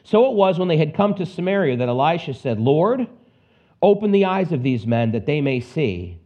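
A man preaching an expository Bible sermon, animated, acting out scenes with quick put-on voices and casual asides. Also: a little high. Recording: dull lo-fi recording.

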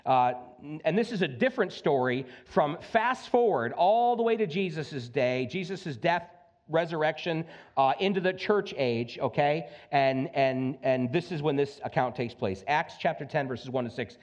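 A man preaching a sermon to his congregation in a lively, conversational way, often checking in with "okay?" and acting out voices. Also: fairly high pitch, moderate pace, highs cut off. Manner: animated, conversational, acts out voices, keeps asking "okay?". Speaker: pastor. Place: church sanctuary.

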